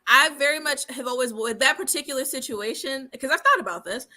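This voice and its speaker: A woman's voice: sits high, a little fast, a loud crowd. A woman co-hosting a casual podcast, talking boldly and emphatically with a joking edge. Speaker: podcast co-host. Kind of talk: casual chat.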